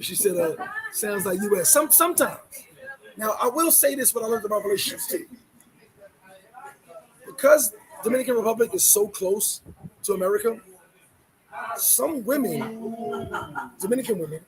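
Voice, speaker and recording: A man's voice: sits high, slight background noise, poor audio. A middle-aged man vlogging from the Dominican Republic, chatting casually with his viewers, laughing and acting out what people say to him. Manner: animated, laughing, quoting people in voices. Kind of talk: casual livestream chat.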